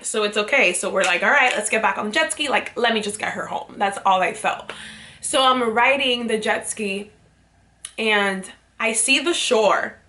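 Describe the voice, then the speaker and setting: A young woman vlogger telling an emotional storytime about an accident in an animated way. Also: mid-range voice.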